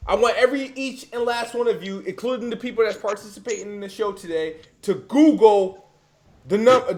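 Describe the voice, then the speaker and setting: A man's voice: high-pitched, fairly quick. A man co-hosting a casual podcast, ranting with heavy profanity and getting worked up. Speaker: co-host. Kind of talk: heated casual podcast chat.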